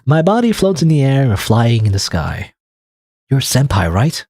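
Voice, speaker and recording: A man's voice: mid-range voice, very animated, normal speed, darkish tone, slightly rough, no room sound. A man casually reading a visual novel aloud and chatting about it, rambling with lots of "like" and "you know". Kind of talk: casual let's-play commentary and narration.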